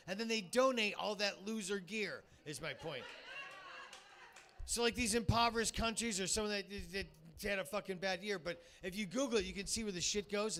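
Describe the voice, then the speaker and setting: A man's voice: high voice, fairly bright tone. A man doing a rambling, crude stand-up comedy set in a comedy club, baiting the crowd and heavy on filler words.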